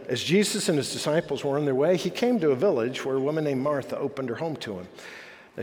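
A man's voice: medium pitch, in a large hall. A male pastor preaching a sermon in a conversational, self-deprecating manner.

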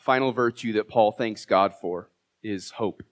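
A pastor preaching a sermon, emotional and heartfelt with self-deprecating humor, in a church. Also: male voice, on the low side, a little slow. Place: church sanctuary.

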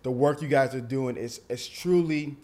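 A young man hosting a podcast, talking in an animated, emphatic way and often repeating words as he builds up a point. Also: medium pitch, normal speed. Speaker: podcast host. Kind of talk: casual podcast conversation.

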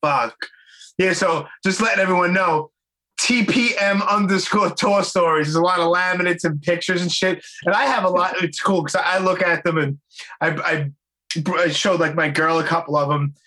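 A man's voice: high-pitched, steady tone, normal speed, bright, forceful tone. A man in his forties hosting a podcast, blunt and profane, laughing easily and calling his guest "bro.". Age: 40s. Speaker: podcast host. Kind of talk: casual chat.

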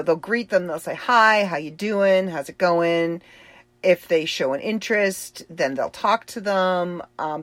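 A woman livestreamer telling a story in a slow, earnest way, with many fillers and restarts. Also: deep voice, no room sound. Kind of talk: casual storytelling.

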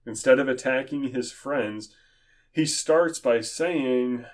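A male Bible teacher speaks at a slow, deliberate pace. His voice sits at an ordinary middle pitch, and he explains each point in an earnest, measured way. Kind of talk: Bible study sermon.

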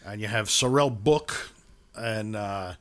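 A man co-hosting a podcast, chatting casually about a film and often pausing on fillers. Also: on the low side, a bit bright. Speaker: podcast co-host.

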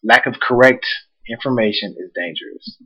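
A man with a husky, slightly rough voice co-hosts a casual podcast. He talks in loose, joking banter and teases his co-host. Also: medium pitch, normal speed, dull audio. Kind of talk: casual chat.

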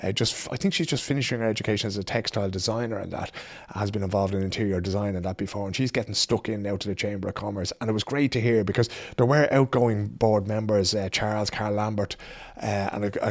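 An Irish man hosts a podcast from his small home studio. His voice sits fairly low, and he talks in a loose, colloquial, rambling way. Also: fairly even intonation, quick pace, darkish tone. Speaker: podcast host. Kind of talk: casual podcast monologue.

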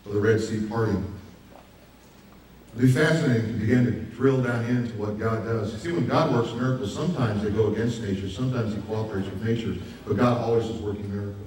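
A man's voice: mid-range voice, a little mellow, a little hiss or hum. Man preaching in a very echoey hall. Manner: emphatic preaching with rhetorical questions. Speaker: pastor. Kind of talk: sermon. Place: church hall. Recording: very echoey hall, mic far off.

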